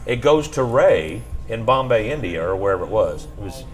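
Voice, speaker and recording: A man's voice: on the low side, very animated, moderate pace, low-quality recording. A man hosting a livestream from a bar, telling a story in a rambling way and circling back to restart his sentences. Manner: rambling, restarts with "what had happened was". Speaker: podcast host telling a story. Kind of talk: casual storytelling.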